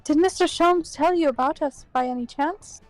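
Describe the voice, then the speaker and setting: A woman's voice: high voice, darkish tone, faint music behind, voice pushed up, natural voice, rough recording. A woman reading game dialogue aloud, voicing a polite, formal young female legal assistant. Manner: formal, courteous and measured.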